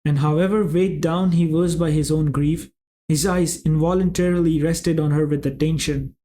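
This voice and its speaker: Mellow male audiobook narrator. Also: fairly high pitch, fairly even intonation, moderate pace, slight background noise. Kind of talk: scripted narration.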